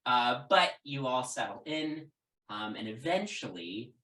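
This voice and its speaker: A man running a tabletop game as game master, talking in a halting way with many ums and restarts. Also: medium pitch, animated, sharp tone, roomy sound, low-quality recording. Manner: hesitant, full of ums and restarts.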